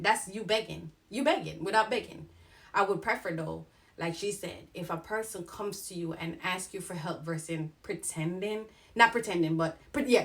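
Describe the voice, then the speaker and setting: A young woman with a slightly lowered voice talks straight to her viewers in a personal vlog. She is frank and animated, leaning into her points as she goes. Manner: frank, animated, mimics others in quoted asides. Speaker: vlogger. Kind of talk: candid personal vlog talk.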